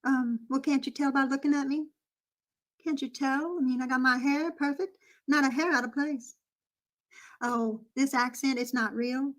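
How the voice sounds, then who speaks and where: A woman's voice: high voice, steady tone, moderate pace, natural voice. A woman voicing a vain, nervous outsider who is clumsily faking a Southern accent to blend in, stammering over her words. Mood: eager. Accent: put-on Southern US. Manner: stammering, nervous, eager to fit in. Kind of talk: comedic role-play.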